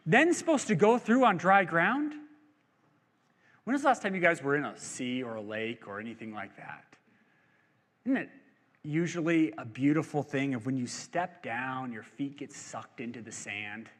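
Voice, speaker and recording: A man's voice: a little high, fairly bright tone, in a large hall. A male pastor preaching a sermon in a church, in a conversational, joking way that asks the crowd questions. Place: church sanctuary.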